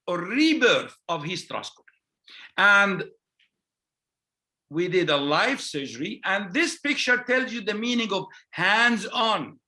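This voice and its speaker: A man with an Egyptian accent, a gynecologist telling stories in a lively conference talk, often adding "okay?" as an aside. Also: high voice, measured pace. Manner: animated, anecdotal, with frequent "okay?" asides. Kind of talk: storytelling conference lecture.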